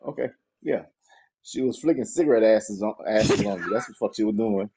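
A Southern man with a very deep, husky voice and a dark, mellow tone. He talks in a low-key, mumbled way, full of crude slang. He sounds laid back as he trades stories on a podcast. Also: a little fast. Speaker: podcast co-host. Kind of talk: casual storytelling chat.

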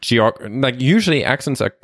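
Animated laughing man in dry chat. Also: medium pitch, normal speed, dry recording. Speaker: podcast co-host. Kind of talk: casual chat.

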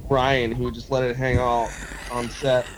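A laid-back man chats about making his own low-budget films, pausing often with fillers. His voice sits at an ordinary pitch. A faint hiss of background noise runs under the talk. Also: little pitch movement, poor audio. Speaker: guest filmmaker. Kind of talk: casual chat.

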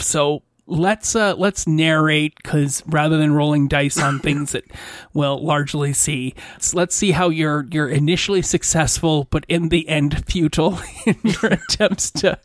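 A man running a tabletop role-playing game as game master, narrating in a playful way with frequent laughs. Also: fairly high pitch. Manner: playful, laughs often, quick asides.

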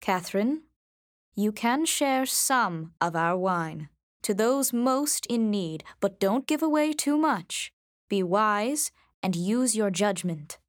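A woman's voice: medium pitch, lively intonation, slow. A woman doing a cautious, practical mother. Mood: firm. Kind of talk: storybook reading.

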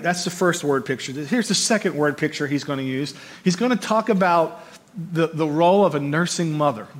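Man, pastor, conversational sermon, higher voice, animated, repeats words, keeps asking right. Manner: animated, often checks in with "right?"; repeats words while building a point.

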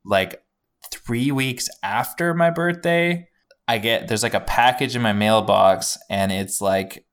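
A man's voice: medium pitch, slow, a bit bright. A man co-hosting a podcast, telling a rambling story in casual chat and swearing often. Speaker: podcast co-host.

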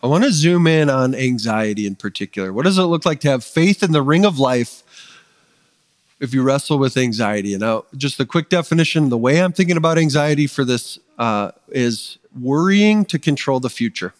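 A man's voice: mid-range voice, animated, normal speed, no room sound, big-room sound. A man preaching a sermon as pastor, earnest and conversational, building his points with emphatic rising lists. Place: church sanctuary.

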